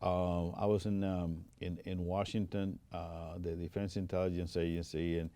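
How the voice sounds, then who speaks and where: Sitting low with little pitch movement, this older man's warm voice moves at a normal speed with no echo. He's an Air Force veteran and native Spanish speaker with a Spanish accent, recounting stories full of quoted dialogue and frequent restarts in an interview studio.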